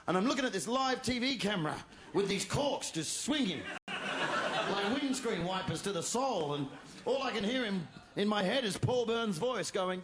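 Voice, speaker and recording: A man on stage doing stand-up, his voice pitched high for a man and swinging between loud shouted punchlines and quicker asides. The recording is from a live show, with crowd noise and laughter clearly heard behind him. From Australia. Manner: animated storytelling with shouted punchlines. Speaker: stand-up comedian. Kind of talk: stand-up routine. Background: audience laughter.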